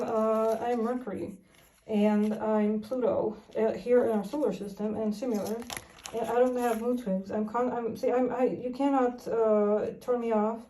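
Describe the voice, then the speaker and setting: A woman's voice: mid-range voice, warm tone, slight background noise. A woman giving a rambling vlog monologue that halts often and is full of fillers and restarts. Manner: halting, many fillers and restarts. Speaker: vlogger. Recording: echoey room, far from the mic.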